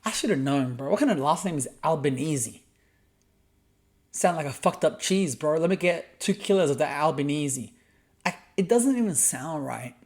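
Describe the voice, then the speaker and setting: A man's voice: on the high side, animated, normal speed, a little mellow. Heated Australian man ranting. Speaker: podcast host. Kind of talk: solo podcast rant.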